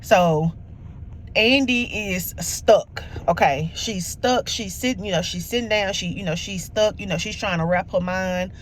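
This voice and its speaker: A woman's voice: medium pitch, a little slow, slight background noise. A woman giving a casual recap of a TV episode, rambling with lots of restarts and acting out quotes from the characters. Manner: rambling, many restarts and fillers, acts out quotes. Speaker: TV show reviewer.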